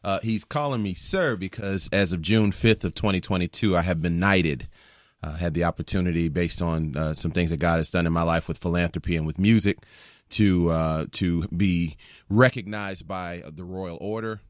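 A man with a very low voice, speaking as a guest on a talk show. He talks in calm, measured, preacherly phrases. The sound is close and dry. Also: dry recording. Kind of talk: radio talk show interview.

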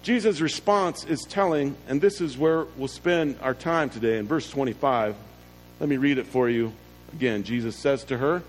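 A pastor preaching an earnest sermon, slowing down to stress key words. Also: male voice, fairly high pitch. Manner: earnest preaching with slow, drawn-out emphasis. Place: church. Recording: long reverb with faint music.

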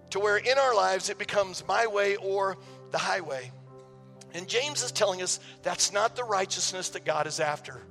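A man's voice: high voice, gravelly, pushed and bright, big-room sound. A male pastor preaching a sermon in a conversational, emphatic way, often repeating words as he goes. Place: church sanctuary.

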